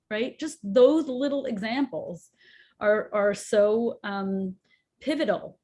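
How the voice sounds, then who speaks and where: Woman cohost, lively chat, acts out little examples in different voices. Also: medium pitch, takes it slowly. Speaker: co-host, children's show songwriter. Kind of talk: casual podcast chat.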